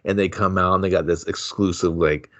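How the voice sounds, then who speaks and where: A man's voice: sits low, fairly even intonation, fairly quick, fairly bright tone. A man co-hosting a movie podcast, riffing in a crude, joking way in casual chat. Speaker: podcast co-host. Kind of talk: casual comedic movie talk.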